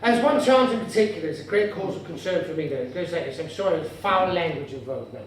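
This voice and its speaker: A man's voice: a little high, animated, fast, recorded from a distance, a crowd in the background. A man doing stand-up comedy in a pompous, mock-formal, dandyish manner, in a comedy venue before a live audience. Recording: echoey room heard from afar, noisy.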